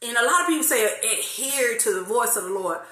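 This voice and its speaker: A woman in her forties hosting a casual faith talk, lively, laughing often and drawing out some phrases. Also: fairly high pitch, brisk, reverberant. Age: 40s. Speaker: host of an online faith talk.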